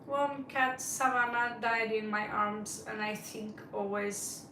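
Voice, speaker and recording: A woman's voice: on the high side, little pitch movement, takes it slowly, hardly any pauses, recorded from a distance, noisy background. A woman hosting a live tarot stream, chatting casually and greeting viewers by name as she rambles. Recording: roomy, set back from the mic.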